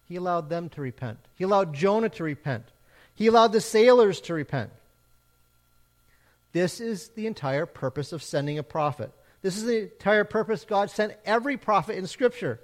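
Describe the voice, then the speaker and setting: A man preaching a sermon as pastor, emphatic, with rising and falling repeated questions. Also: sits high.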